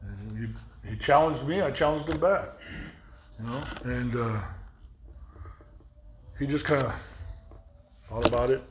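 A man giving personal testimony at a recovery meeting, telling his story with halting restarts, asides to the listeners, and acted-out dialogue. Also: medium pitch, reverberant, background noise. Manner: storytelling, acting out dialogue with others.

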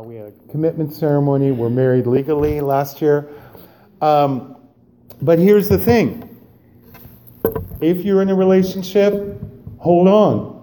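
A man sharing his own story at a recovery meeting, animated and acting out dialogue, then growing quiet and subdued on serious parts. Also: a little high, slight background noise. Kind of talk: personal recovery share.

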